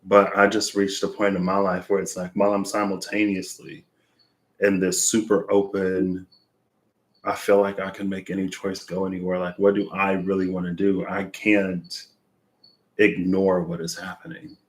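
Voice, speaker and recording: With a deep voice and flat delivery at a moderate pace, a breathless tarot reader works through a reading. His casual, reflective monologue rambles and searches, filled with fillers.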